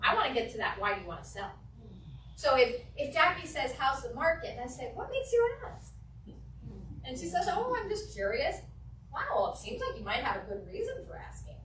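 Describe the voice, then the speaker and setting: Animated woman coaching in an echoey room. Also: high-pitched, brisk, recorded from a distance, slight background noise. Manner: animated, acts out client dialogues. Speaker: real estate trainer. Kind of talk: classroom training talk.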